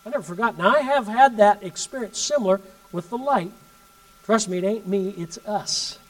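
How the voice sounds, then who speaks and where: A male preacher tells his story in a sermon. His voice sits fairly high, and he swings between loud emphatic bursts and hushed asides. The mic is some distance from him. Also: normal speed.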